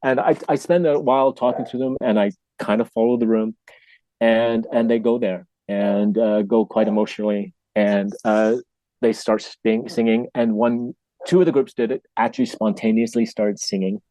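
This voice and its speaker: A man telling an earnest, emotional story as a podcast guest, sometimes dropping soft and low. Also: steady tone, normal speed, dry recording. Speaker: podcast guest, actor and workshop teacher. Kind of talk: casual storytelling.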